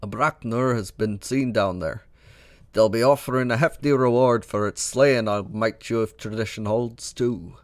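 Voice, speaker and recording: A man voicing a boastful old one-eyed male dwarf, reading video game dialogue aloud in an attempted Scottish brogue, gruff and chatty. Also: mid-range voice, moderate pace, no echo, clean studio sound, natural voice.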